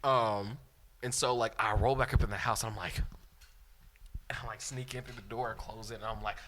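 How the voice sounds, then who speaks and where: A young man co-hosting a podcast, telling a funny story in an animated, laughing way. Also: fairly low pitch, a little fast. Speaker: podcast co-host. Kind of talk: casual storytelling chat.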